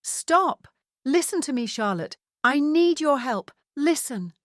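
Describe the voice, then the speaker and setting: A frantic woman in her forties pleads to be heard, her voice forced up high and strained, as a woman reading the story puts her on. The sound is dry and close, with no room around it. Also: expressive, takes it slowly, dry recording. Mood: pleading. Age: 40s. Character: desperate middle-aged woman, former best friend.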